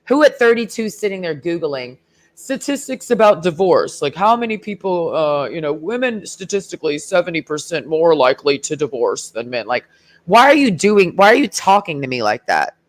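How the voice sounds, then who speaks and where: A woman's voice: on the low side, very animated, moderate pace. A woman ranting in a heated, sarcastic and profane way in a casual vlog. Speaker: vlogger. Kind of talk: casual rant.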